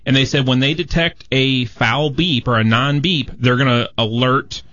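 A man's voice: medium pitch, fairly even intonation, moderate pace, sharp tone, dry recording, lo-fi sound. A man appearing as a tech guest on a radio show, explaining the news in a friendly, easygoing way. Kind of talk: casual radio chat.

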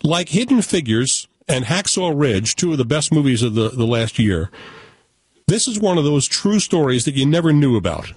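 An animated American man talks through a film review in a casual, opinionated way. His voice is somewhat husky and sits a little high for a man. The sound is dry and close, with no room echo. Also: normal speed. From United States. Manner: animated, opinionated, joking asides. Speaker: film critic.

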